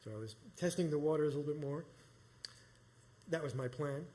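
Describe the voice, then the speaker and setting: A man's voice: a little high, a little fast, dark tone, slight background noise. A middle-aged man from New York telling a personal story live, rambling and conversational with many restarts. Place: small performance space.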